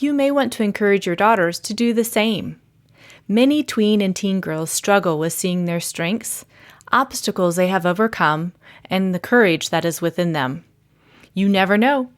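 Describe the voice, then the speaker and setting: A woman in middle age talks straight to her listeners in a solo podcast episode. Her delivery is calm and earnest, with a middle-range pitch. She often stops to ask gentle reflective questions. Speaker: podcast host, leadership coach.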